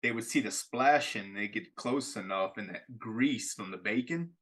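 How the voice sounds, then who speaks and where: A man's voice: on the low side, moderate pace, a bit bright. A young man from Louisiana with a Cajun accent, telling rambling stories in a casual podcast chat and laughing often. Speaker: podcast host.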